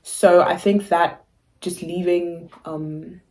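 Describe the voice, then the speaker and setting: A woman's voice: on the low side, fairly even intonation, slow, mellow. A young woman from South Africa, co-hosting a podcast, talking in a rambling casual way with many fillers and restarts. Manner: rambling, full of fillers and restarts, laughs often. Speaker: podcast co-host. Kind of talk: casual chat.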